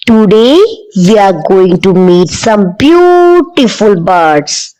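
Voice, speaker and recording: A woman hosting a children's learning channel, narrating in a bright, encouraging sing-song manner to little kids. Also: mid-range voice, animated, slow, few pauses, clear, resonant tone, soft background music, rough recording.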